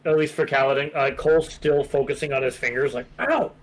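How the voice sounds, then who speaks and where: A man playing a tabletop game who talks in an animated, jokey way. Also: medium pitch, fast, a loud crowd. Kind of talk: casual game chat. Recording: faint music behind the voice.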